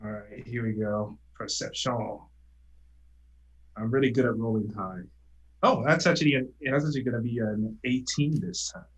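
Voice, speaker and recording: A man playing a tabletop game over a voice call, excitable and quick to laugh and shout in character. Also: medium pitch, low-quality recording. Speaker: player.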